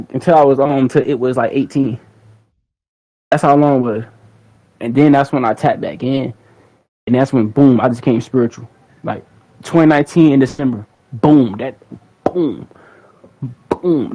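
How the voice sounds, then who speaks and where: A man's voice: mid-range voice, a little mellow, rough recording. Rambling young man on a livestream. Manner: rambling and slangy, repeats words, talks to chat. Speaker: livestream host. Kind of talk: casual livestream chat.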